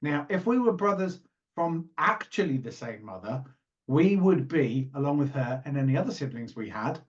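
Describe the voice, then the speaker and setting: A man's voice: a little high, sing-song, normal speed, lo-fi sound. A man co-hosting a casual podcast, talking in a playful, rambling, teasing way. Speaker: podcast co-host. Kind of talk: casual chat.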